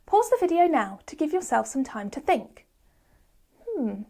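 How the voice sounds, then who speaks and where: A woman leads a children's phonics lesson in a bright, sing-song teacher voice. She speaks high and with lots of melody, taking her time. Her delivery is slow and encouraging, pitched for small children. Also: sing-song, gravelly.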